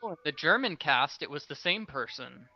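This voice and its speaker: A man giving casual, joking commentary on a video game, chatty and quick to laugh. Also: fairly high pitch, expressive, muffled recording, slight background noise.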